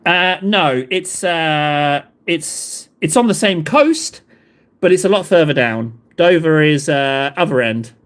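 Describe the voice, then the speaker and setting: A man's voice: fairly high pitch, expressive, slow, fairly bright tone. A man, chatting casually with live viewers in a rambling, self-deprecating way. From England. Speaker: livestream host.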